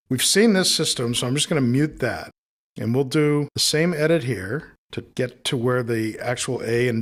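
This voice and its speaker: A man with a voice of ordinary, mid-range pitch leads a screen-recorded lesson on audio editing. He talks in an easy, explanatory way and thinks aloud as he works through each step on screen. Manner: relaxed, explanatory, thinking aloud while demonstrating. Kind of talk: screen-recorded software tutorial.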